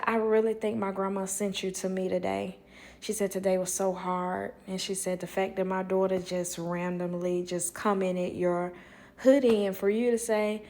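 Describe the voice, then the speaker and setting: A woman tells a casual story to camera. She is animated and lively, acting out what people said. She laughs often as she talks. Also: mid-range voice. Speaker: storyteller vlogger.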